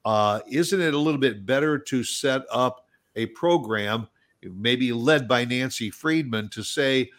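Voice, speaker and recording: A man's voice: mid-range voice, unhurried, fairly bright tone. A man hosting a casual conversation, agreeable, often restarting his sentences. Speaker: host. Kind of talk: casual chat.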